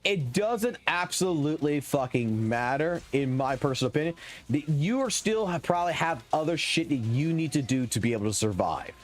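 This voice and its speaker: A man streaming a game live, ranting with heavy swearing in an animated, excitable way. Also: a little high, moderate pace, soft background music. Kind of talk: profane live stream rant while gaming.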